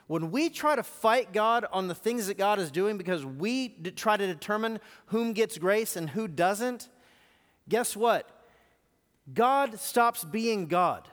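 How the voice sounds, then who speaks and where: A man's voice: fairly high pitch, fairly bright tone. A man and lead teaching pastor giving a live sermon, asking the congregation emphatic rhetorical questions. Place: church auditorium. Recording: long reverb in a live hall.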